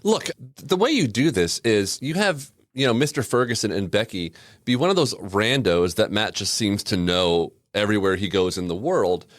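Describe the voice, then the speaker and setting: A man's voice: fairly low pitch, animated, normal speed, no room sound, studio quality. A man co-hosting a podcast in casual chat, reviewing a cartoon episode with a wry, sarcastic manner. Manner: wry and sarcastic, laughs often. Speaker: podcast co-host.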